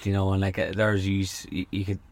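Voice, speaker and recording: A man hosting a podcast from a camper van, chatting in a relaxed way and swearing casually. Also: low voice, brisk. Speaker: podcast host. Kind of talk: casual conversation.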